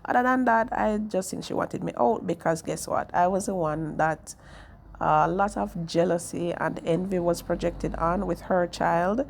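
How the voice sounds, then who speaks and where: A woman's voice: lowish voice, normal speed, creaky, slight background noise. A young woman, telling a personal story in a candid, chatty way to her viewers. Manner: candid, chatty, often tags "right?". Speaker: vlogger.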